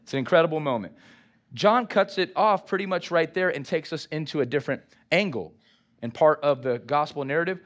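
A man's voice: a little high, a little fast. A man preaching a sermon, reading scripture and drawing responses from the congregation. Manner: lively, engages congregation with call-and-response. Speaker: pastor.

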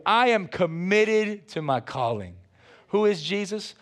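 Man, pastor, sermon, high-pitched, animated, playful asides, calls to the congregation. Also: a little slow.

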